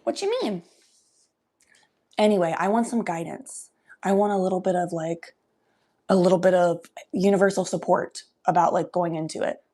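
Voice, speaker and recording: A young woman hosting a casual livestream from her room at home, talking loosely, high and coughing from smoke. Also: fairly even intonation, a little fast, mellow. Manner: loose, chatty, often coughing between lines. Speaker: livestream host. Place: home bedroom.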